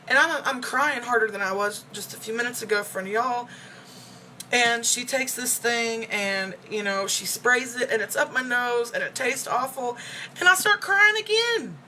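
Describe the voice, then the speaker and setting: Emotional woman vlogger, bright voice. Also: fairly high pitch, moderate pace, a little hiss or hum. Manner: rambling storytelling with many fillers; emotional and upset. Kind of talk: casual personal check-in video.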